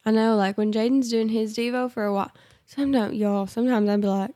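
A woman's voice: a little high, steady tone, fast, warm tone, no echo. A woman co-hosting a casual devotional podcast at home, chatty and playful, her voice congested from allergies. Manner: playful, chatty, Southern-tinged banter. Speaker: podcast co-host.

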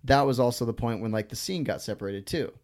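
A man's voice: medium pitch, fast, a little mellow. Rambling man telling a story. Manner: rambling, full of "like" and acted-out quotes; swears freely. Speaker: guest. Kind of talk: casual storytelling.

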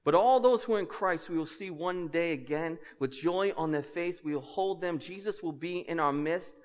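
A man preaching a sermon as pastor, a lively storyteller who drops in humorous asides and swings between loud and hushed. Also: on the high side, normal speed, long reverb tail.

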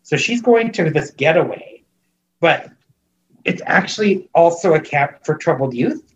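A man's voice: a little high, expressive, a little slow, dull audio, slight background noise. A man recapping a movie in casual chat, rambling with lots of fillers and restarts, amused and disbelieving. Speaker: podcast co-host recapping a movie.

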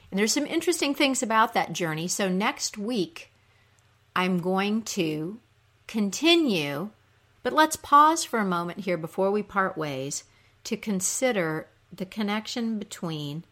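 A woman storyteller retelling an old myth in an easy, conversational way. She takes her time, speaking slowly at a middling pitch. Her delivery is relaxed and unhurried. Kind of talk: casual mythology storytelling.

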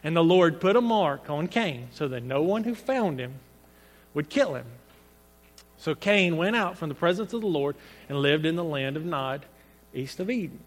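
A man preacher giving an animated sermon, asking rhetorical questions and acting out the quotes he reads. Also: fairly high pitch, normal speed. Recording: echoey hall with long reverb.

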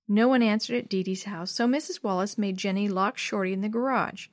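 A woman narrating a children's chapter book in a clear, steady storytelling voice. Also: mid-range voice, brisk, few pauses, no echo, studio quality.

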